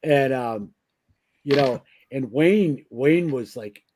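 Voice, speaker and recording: A man's voice: medium pitch, lively intonation, slow pace, darkish tone, a little hiss or hum. A man on a podcast telling rambling, profane stories in a casual chat. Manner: rambling, profane anecdotes, frequent restarts. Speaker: podcast guest, band member.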